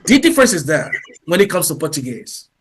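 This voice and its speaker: A man's voice: on the high side, big pitch swings, a little fast, breathy edge. A man speaking as a guest in an interview, talking emphatically and peppering his answers with "you know" and "okay". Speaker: guest speaker, English teacher.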